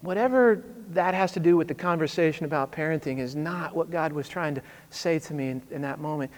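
A man's voice: on the high side, brisk, in a large hall. A man in his thirties, a pastor telling a story in a sermon, conversational with wry asides.

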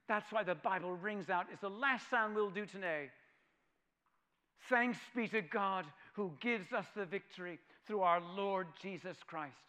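A man preaching a sermon who swings from loud proclamation to a hushed near-whisper, repeating phrases and asking his hearers questions. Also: high voice, measured pace. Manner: repeats phrases for emphasis and asks the audience questions.

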